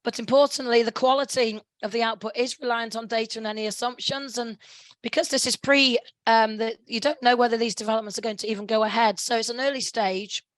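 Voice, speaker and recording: A middle-aged woman with a hoarse, croaky throat presents a webinar over a video call. Her voice sits a little high. The sound is dry and close, and she keeps restarting phrases and clearing her throat. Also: steady tone, a little fast, no room sound, poor audio. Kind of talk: conference presentation.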